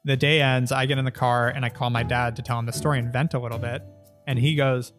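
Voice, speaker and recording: A man in his thirties, a business founder telling stories in a casual interview, blunt and profane, with lively delivery. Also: mid-range voice, a little fast, soft background music. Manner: blunt, profane, animated storyteller. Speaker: agency founder and guest.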